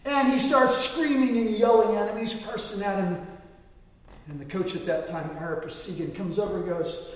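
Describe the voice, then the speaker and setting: Male pastor, high voice, dramatic storyteller, booming hall, mic at a distance. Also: normal speed. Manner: dramatic storytelling, swinging between soft and loud. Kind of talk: sermon. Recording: echoey hall from far off.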